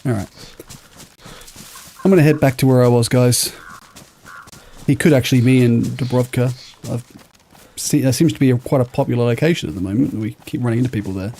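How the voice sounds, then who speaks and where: Chill guy streaming from bed, rambly and jokey, dark mellow voice, mid pitch. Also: brisk, pauses often, slight background noise. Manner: rambling, joking, talks to chat. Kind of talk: casual livestream chat while gaming. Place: lying in bed.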